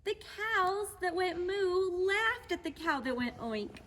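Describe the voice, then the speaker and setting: A woman gently and patiently teaching children a lesson on horses and reading them a storybook aloud. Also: very high voice, lively intonation, slow, big-room sound, a little hiss or hum. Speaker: children's horse program instructor.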